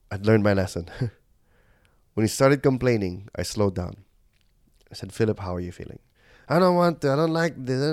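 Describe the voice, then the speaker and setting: A man's voice: low-pitched, creaky, a little mellow, dry recording, studio quality. A man giving an earnest, sermon-like leadership talk as a podcast host, telling stories with animation. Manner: switches into Tagalog phrases.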